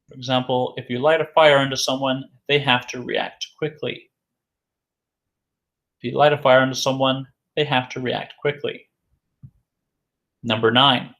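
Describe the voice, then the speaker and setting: Man slowly drilling English vocabulary. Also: medium pitch, fairly bright tone. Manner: slow, repetitive, drills each word several times; asks questions and answers them himself. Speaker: English teacher. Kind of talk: recorded vocabulary lesson.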